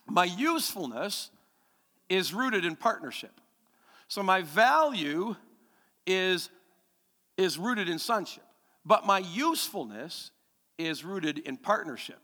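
A male pastor delivers a lively sermon with a bright, high voice. He repeats key phrases and keeps checking in with the congregation. His words echo through a reverberant church hall. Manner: animated, emphatic, repeats key phrases, asks the congregation questions.

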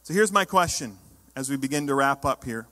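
A man's voice: mid-range voice, lively intonation, a little fast. Emphatic preaching man in reverberant hall. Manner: emphatic, rising to loud exhortation. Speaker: pastor. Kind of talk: sermon.

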